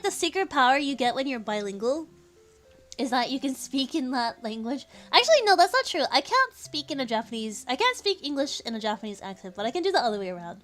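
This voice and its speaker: Californian woman streamer, high and giggly, chatty, faint music under her voice. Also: a bit bright. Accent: Californian American. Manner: giggly, chatty, says "like" often. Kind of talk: casual live-stream chat, reading chat aloud.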